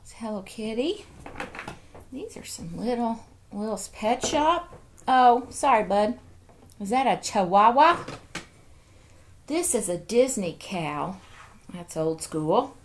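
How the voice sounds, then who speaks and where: A woman's voice: fairly high pitch, lively intonation, takes it slowly, pauses often, noisy background. A woman, chatting casually while unboxing toys and cooing over each one. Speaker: toy collector vlogger.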